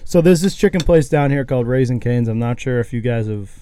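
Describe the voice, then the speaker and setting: A man's voice: mid-range voice, quick pace, slight background noise. Young man hosting a chatty podcast. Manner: relaxed, rambling, laughs often. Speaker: podcast host. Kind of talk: casual podcast chat. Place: college-town podcast setup.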